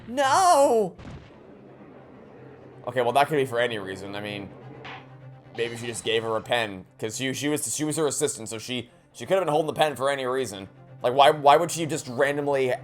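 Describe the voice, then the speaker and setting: A man's voice: medium pitch, a little fast, faint music behind. A man giving casual let's play commentary, thinking aloud in a rambling way with many restarts.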